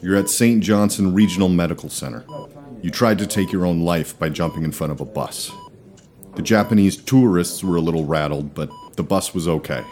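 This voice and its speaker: A man acting in a comedy sketch, with a dry, exasperated deadpan delivery. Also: deep voice, fairly quick. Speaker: comedy podcast host.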